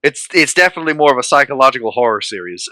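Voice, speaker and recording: A man's voice: mid-range voice, animated, very fast, sharp tone, no echo. A young man chatting casually on a podcast, wry and matter-of-fact. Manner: wry, explains things matter-of-factly. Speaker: vtuber guest.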